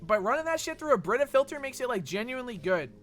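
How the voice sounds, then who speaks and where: A man's voice: extremely high pitch, big pitch swings, fast talker, fairly bright tone, faint music behind. A young man streaming a game, chatting casually and reading chat with a rambling, sweary manner full of fillers.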